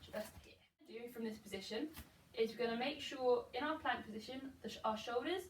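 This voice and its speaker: A young female pilates instructor with a high-pitched voice leads a workout, counting reps aloud and cheering the class on. She sounds far from the mic in an echoey room, with faint hiss underneath.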